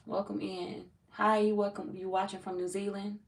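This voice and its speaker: Recorded from a distance, this woman speaks at normal speed in a medium-pitched, level voice. She's a tarot reader on a casual livestream, greeting the chat, reading viewers' comments aloud, and laughing frequently.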